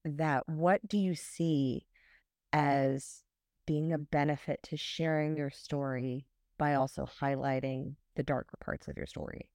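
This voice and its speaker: A woman hosting a podcast, coaching her guest in an encouraging, measured way. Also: low-pitched, steady tone, a little mellow, dry recording, clean studio sound. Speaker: podcast host and communication coach. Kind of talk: coaching interview.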